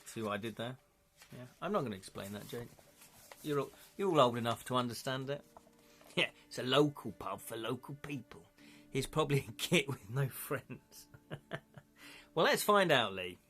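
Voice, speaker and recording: A man's voice: medium pitch, lively intonation, moderate pace, long pauses, fairly bright tone, faint music behind. A British man hosting a live interactive gamebook stream, narrating and calling for chat votes in a playful, jokey way. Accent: British English.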